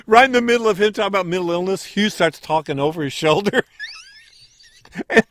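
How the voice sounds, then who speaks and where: A man's voice: sits high, fairly bright tone, dry recording, clean studio sound. Chatty man recapping on a podcast. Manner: chatty, retells scenes with quick quoted lines. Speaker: podcast co-host. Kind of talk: casual recap chat.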